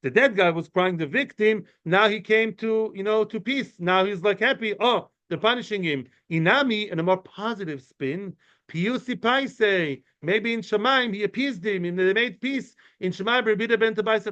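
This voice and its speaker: Male teacher, high-pitched, conversational and digressive, dull low-fi recording. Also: moderate pace, fairly bright tone. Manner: chatty, explains with many fillers and asides; answers questions from students. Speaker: Talmud teacher. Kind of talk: informal study-class lecture. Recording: muffled lo-fi recording.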